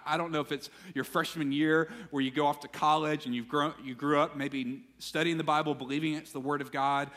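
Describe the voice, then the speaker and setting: Man preaching, fairly high voice, long reverb of a big hall, lively then hushed. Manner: dynamic, acting out quotes with sudden drops to quiet intensity. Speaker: pastor. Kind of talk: sermon. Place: church sanctuary.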